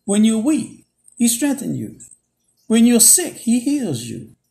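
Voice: medium pitch, wildly swooping pitch, takes it slowly, creaky, dark tone. A preacher delivering a sermon in emphatic, repetitive phrases, checking in with "Okay?". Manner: emphatic call-and-response phrasing, repeats "Okay?".

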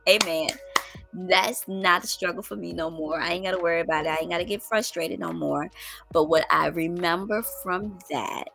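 A middle-aged woman telling a story to her viewers in casual, colloquial talk, calling them y'all and getting loud when excited. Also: lowish voice, normal speed, gravelly, faint music behind. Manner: animated, with loud exclamations and laughs. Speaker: vlogger.

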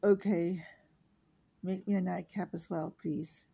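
A worried, gently pious mother, soothing and concerned, as a reader puts her on. The voice is dark and mellow, with a raspy edge. She speaks in an even tone from a storybook. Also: medium pitch, takes it slowly, exaggerated voice.

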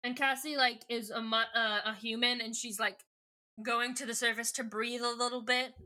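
A woman co-hosts a podcast and talks through a book's plot in a loose, chatty way. She stumbles, restarts and corrects herself as she goes. Her voice is bright and sits a little high. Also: fairly even intonation, normal speed. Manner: rambling, many fillers and self-corrections. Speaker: podcast co-host. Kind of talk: casual book recap chat.

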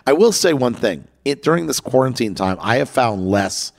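A man's voice: mid-range voice, expressive, normal speed, gravelly. A man co-hosting a podcast in casual chat, earnest and restarting his words when worked up. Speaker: podcast co-host. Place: at home in LA.

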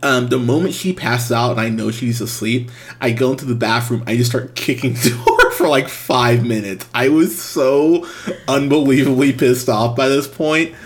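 A young man casually telling a long, exasperated anecdote, animated and breaking into laughs. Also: mid-range voice, normal speed, a little hiss or hum. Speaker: storyteller.

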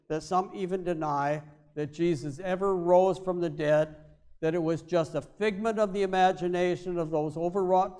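A male pastor preaching a sermon, with emphatic stresses that drop to quiet, low endings. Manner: emphatic, swings between loud stresses and quiet drops.

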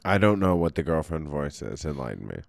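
A man's voice: a bass voice, very animated, a little fast, gravelly, no echo. A man co-hosting a podcast in casual chat, making dry, wry jokes. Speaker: podcast co-host.

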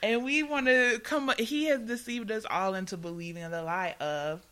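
A woman co-hosting a casual faith podcast, animated, laughing often and repeating words when excited. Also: a little high, normal speed. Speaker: podcast co-host.

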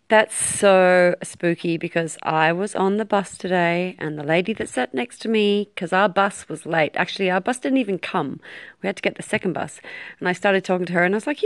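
A woman's voice: fairly low pitch, moderate pace, no echo, clean studio sound. A woman hosting a podcast, chatting casually and playfully in reply to listener messages, stretching words for emphasis. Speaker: podcast host. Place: outdoors in her garden at night.

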